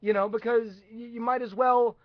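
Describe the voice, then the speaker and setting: A man's voice: very high-pitched, flat delivery, moderate pace, no echo. A man hosting a casual live-stream chat, rambling with many restarts and hesitations. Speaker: host. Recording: dull lo-fi sound.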